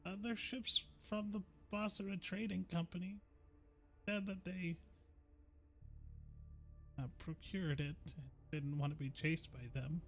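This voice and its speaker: A jittery little forger from the slums stammers and fawns, his voice pushed high and thin, as a man puts him on. He sounds eager to please and afraid of getting caught. Faint music plays under him. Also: fairly even intonation, a little slow, creaky, pauses often, fairly bright tone, exaggerated voice. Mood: anxious. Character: nervous, fawning male forger in the slums.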